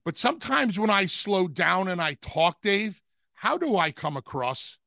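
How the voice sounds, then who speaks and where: A man co-hosting a wrestling talk show, who talks deliberately and slows down to spell out his points. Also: high-pitched, sing-song, gravelly, bright, forceful tone, no echo, clean studio sound. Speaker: podcast co-host, wrestling analyst.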